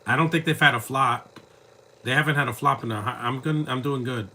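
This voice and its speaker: A man's voice: medium pitch, fairly quick, sharp tone, a little hiss or hum. A man giving casual live commentary over a film, with rambling, joking asides. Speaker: movie commentator.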